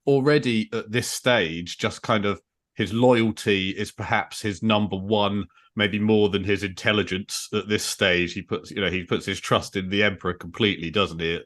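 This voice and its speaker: A man's voice: on the low side, moderate pace, fairly bright tone. A man co-hosting a podcast, chatting in rambling, sweary banter. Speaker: podcast co-host. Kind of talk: casual chat.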